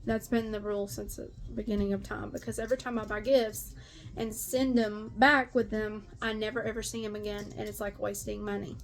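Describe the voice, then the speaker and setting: A woman's voice: medium pitch, little pitch movement, a little fast, creaky, faint music behind. A middle-aged woman venting bluntly about family drama, exasperated, swearing freely and repeating herself for emphasis. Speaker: stepmother vlogger. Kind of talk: venting rant to camera.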